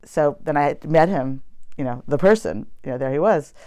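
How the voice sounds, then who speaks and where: An American poet and academic with a deep, mellow, clear and resonant voice recalls her story in a personal storytelling interview. She speaks animatedly at normal speed, chatty and reflective, with many fillers.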